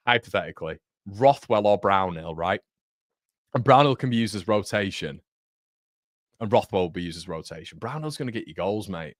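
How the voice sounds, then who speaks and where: His voice sits low with a bit of brightness as this young fan channel host from North East England chats his way through a live football watchalong. The blokey banter is full of "mate" and "um," recorded dry with clean studio sound.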